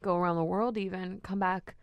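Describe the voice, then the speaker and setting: A woman's voice: on the low side, fairly even intonation, brisk, smooth, no room sound. A woman in casual snack-tasting chat, a chatty, playful storyteller.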